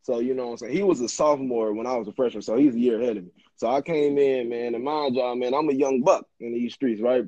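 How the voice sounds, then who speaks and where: A man's voice: mid-range voice, fairly even intonation, fast talker, few pauses, a little mellow, dry recording, muffled recording. A young man telling a story in a laid-back, slangy way, laughing often as he talks. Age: young adult. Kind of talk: casual storytelling.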